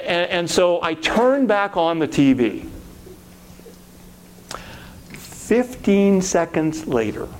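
A middle-aged man, a pastor, telling a personal faith story in a lively way and acting out the voices he quotes. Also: a little high, slight background noise.

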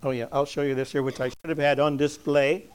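An older man with a slightly high voice talks to a church gathering in a homespun, storytelling way. He chuckles between points and drops to a soft, slow delivery when he turns earnest. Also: level tone, a little hiss or hum. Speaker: church speaker giving an object lesson. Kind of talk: folksy object-lesson talk to a congregation.

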